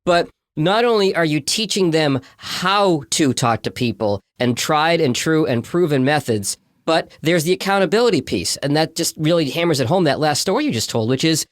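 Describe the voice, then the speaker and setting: A man's voice: fairly high pitch, expressive, moderate pace, few pauses, no room sound, studio quality. A man co-hosting a podcast, summing up the conversation reflectively. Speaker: podcast co-host.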